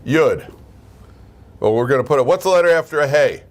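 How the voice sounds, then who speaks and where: Rabbi teaching a lively class. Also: male voice, mid-range voice, brisk. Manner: lively, asks the class questions, frequent "right?". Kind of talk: informal Torah class.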